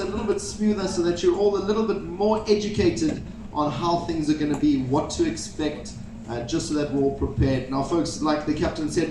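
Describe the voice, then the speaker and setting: A man's voice: on the high side, background noise. A man from South Africa working as a cruise director, hosting on stage with upbeat jokes for the audience. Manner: upbeat showman, jokes with the crowd. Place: cruise ship theatre stage. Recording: echoey hall from far off, crowd and music.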